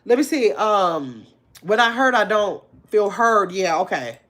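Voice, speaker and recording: A woman's voice: mid-range voice, expressive, unhurried. A middle-aged woman, hosting a casual livestream, reading viewers' comments aloud and answering them in a chatty, heartfelt way. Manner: warm conversational, reads chat aloud, frequent fillers. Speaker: livestream host.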